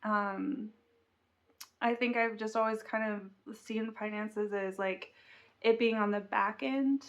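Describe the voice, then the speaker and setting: A woman's voice: medium pitch, steady tone, slow pace. A young woman vlogger sharing an earnest, confessional faith reflection to camera. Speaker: Christian vlogger.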